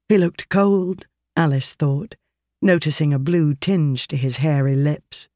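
Steady audiobook narrator, dry sound. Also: mid-range voice, a little slow, no room sound. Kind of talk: scripted narration.

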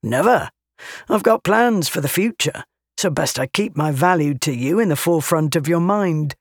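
A storyteller voicing a brash young male warrior, pitching up higher than the narration, eager and emphatic. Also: expressive, normal speed, no room sound, studio quality.

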